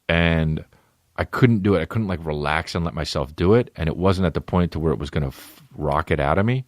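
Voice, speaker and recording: Man, podcast host, low voice, dry close sound, comic storytelling, jumps into a squeaky kid voice. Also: a little fast, no room sound. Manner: animated, acts out a scared child in a high voice. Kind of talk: solo comedic storytelling.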